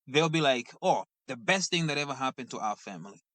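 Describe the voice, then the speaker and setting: A man from Mozambique, speaking as a guest in a relaxed conversation. He tells stories with lots of energy and slips into the voices of the people he quotes. The recording sounds close and dry. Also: mid-range voice, a little fast, no room sound. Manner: animated storyteller who acts out quoted family members. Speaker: guest, dancer. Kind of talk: casual conversation.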